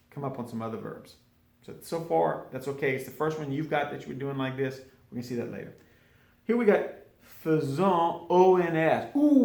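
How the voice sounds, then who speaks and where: A man giving an informal French grammar lesson, drilling conjugations slowly and repeating each form with small asides. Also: medium pitch, a little mellow. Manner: slow, repetitive drilling with asides. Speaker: French teacher. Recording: echoey room.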